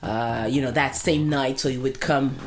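A woman with a French Canadian accent, telling a family road-trip memory in casual chat, halting with many fillers and restarts. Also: rumbling low, fairly even intonation, over a noisy crowd. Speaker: storyteller. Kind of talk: casual conversational storytelling.

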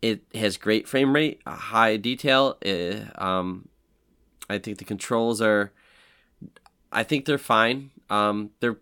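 A man's voice: on the low side, slow pace, sharp tone, clean tone. A man co-hosting a podcast, chatting casually about games with many fillers and restarts. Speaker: podcast co-host. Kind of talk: casual chat.

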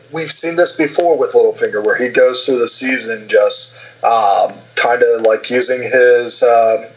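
Man, podcast co-host, rambling retelling, fillers, muffled lo-fi audio. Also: mid-range voice. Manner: rambling, many fillers, lively retelling with put-on quotes. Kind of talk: casual TV recap chat.

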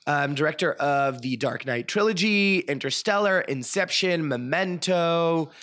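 A man hosting a casual film discussion podcast, frank and opinionated, pausing often with fillers and restarts. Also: fairly high pitch, lively intonation, a bit bright. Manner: hesitant, many fillers and restarts. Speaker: podcast host.

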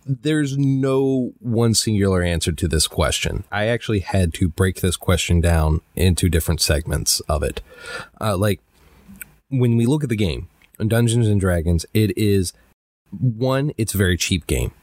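A man's voice: fairly low pitch, animated, unhurried, a little mellow, dry recording, clean studio sound. A man co-hosting a casual podcast chat, laughing and teasing his co-host.

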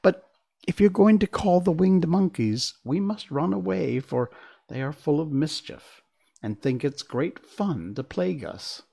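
A man voicing a tiny, kindly queen of the mice in a squeaky, high voice. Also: lively intonation, a little slow, vocal fry, warm tone, breathy edge, heavily acted. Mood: kindly, helpful.

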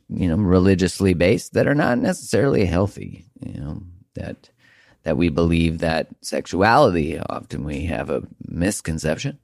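Deep-voiced male podcast host, reflective. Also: no echo, studio quality. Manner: reflective, animated, swears casually. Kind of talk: solo podcast monologue.

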